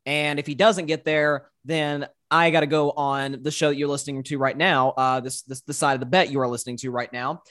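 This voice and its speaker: A man's voice: on the high side, steady tone, a little fast, few pauses, fairly bright tone. A man with a Southern US accent, a wry, self-deprecating guest on a casual sports podcast. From American South.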